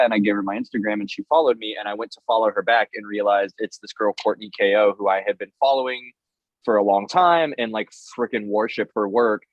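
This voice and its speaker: A man's voice: on the low side, steady tone, fast talker, no echo, dull audio. A man, a tattoo artist, telling a self-deprecating story in a casual chat.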